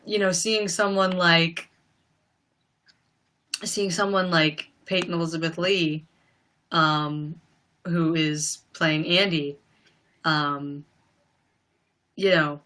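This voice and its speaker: A woman's voice: lowish voice, bright, forceful tone. A young woman chatting casually on a live stream, gushing and rambling with lots of "like" and "you know.". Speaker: livestreamer.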